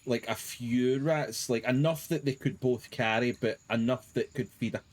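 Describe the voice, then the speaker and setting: A man's voice: medium pitch, moderate pace. A man playing a tabletop game, speaking hesitantly and politely in character. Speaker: player. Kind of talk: tabletop role-play.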